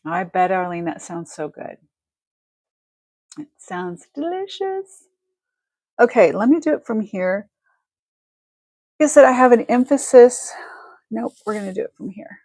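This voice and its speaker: A woman's voice: medium pitch, sing-song, unhurried, pauses often, darkish tone, dry recording, studio quality. A woman hosting a casual live-stream, chatty and effusive as she thanks viewers and shows jewelry. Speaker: livestream jewelry seller.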